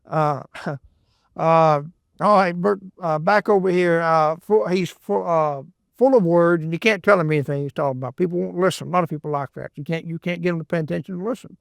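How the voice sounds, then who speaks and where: A man's voice: on the high side, brisk, vocal fry, no room sound, studio quality. A man teaching a Bible book verse by verse in a folksy, rambling way, often repeating words and adding asides. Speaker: preacher.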